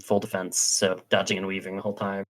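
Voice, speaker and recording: A man's voice: deep voice, completely flat delivery, quick pace. A man playing in a tabletop role-playing game, casually describing his character's actions in the third person. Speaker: player.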